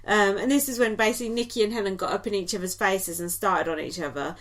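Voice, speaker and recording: A woman's voice: medium pitch, fast, a bit bright. A woman co-hosting a podcast, recapping in a casual, chatty way with lots of ums and likes and giggly asides. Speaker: podcast co-host.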